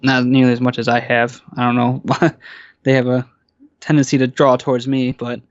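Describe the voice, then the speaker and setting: A man's voice: mid-range voice, level tone, normal speed, no room sound, dull audio. A man talking casually as a guest about his experiences, hesitant, with many fillers and restarts. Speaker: guest caller. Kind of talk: casual interview chat.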